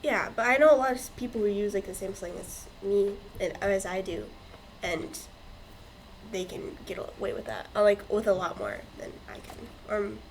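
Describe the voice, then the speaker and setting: Animated, laughing woman in casual chat. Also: medium pitch, a little hiss or hum, poor audio. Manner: animated, quick to laugh, rambling storyteller. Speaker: podcast co-host.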